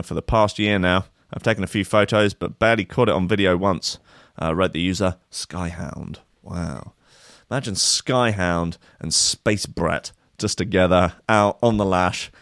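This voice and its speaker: A man's voice: deep voice, fairly bright tone, no room sound. A man hosting a comedy show, reading news aloud and breaking off for dry, sardonic jokes. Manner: dry, sardonic, mock-exasperated. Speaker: comedy podcast host.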